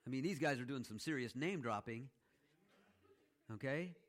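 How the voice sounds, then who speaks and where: A man's voice: medium pitch, expressive, moderate pace. A male pastor preaching a sermon in a conversational teaching style, telling a story with playful asides and often checking in with "okay?".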